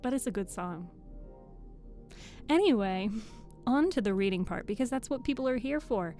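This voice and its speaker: A woman's voice: a little high, lively intonation, moderate pace, darkish tone, faint music behind. A young woman chatting and joking casually with her live-stream viewers at the microphone. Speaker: streamer and audiobook reader.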